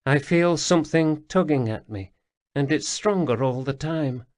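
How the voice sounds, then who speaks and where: Brief: calm murmuring ghost of a woman soldier, read by a man, unhurried. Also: fairly high pitch, no echo, voice pushed up, close to an everyday voice. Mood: calm, wry. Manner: quiet, murmuring, resigned. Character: female soldier's ghost, calm, wry, gentle.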